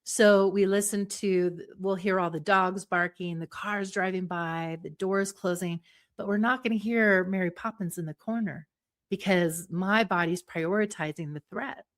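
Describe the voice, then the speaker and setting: A middle-aged woman psychologist, a guest on an interview show, explaining ideas in a lively way and acting out small examples. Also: medium pitch, normal speed. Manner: animated, acts out little voices and examples.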